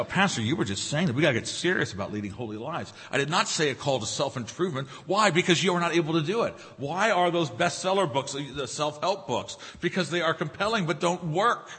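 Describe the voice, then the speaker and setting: A pastor preaches a sermon in a reverberant hall, emphatic and full of repeated key phrases and rhetorical questions. His voice is fairly high-pitched and a bit bright.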